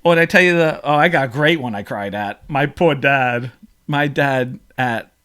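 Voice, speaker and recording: A man's voice: medium pitch, normal speed, a bit bright. A man hosting a podcast, telling stories in an emotional, rambling casual chat. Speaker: podcast host.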